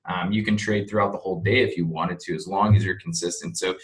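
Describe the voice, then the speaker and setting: Candid, self-critical young man, low voice. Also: fairly even intonation, quick pace, a bit bright, low-quality recording. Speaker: day trading educator. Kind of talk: casual screen-share trade recap.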